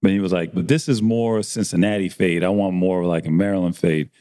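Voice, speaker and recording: A man's voice: sits low, fairly even intonation, brisk, dark tone. A man telling a barbershop story in casual chat, acting out the dialogue and swearing freely. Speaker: barber and podcast host.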